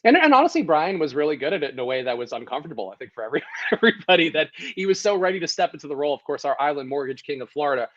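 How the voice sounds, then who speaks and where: A man co-hosting a casual sports podcast, talking quickly and laughing a lot. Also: a little high, lo-fi sound. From Sicilian family background. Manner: laughs often, fast and animated. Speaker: podcast co-host. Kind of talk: casual chat.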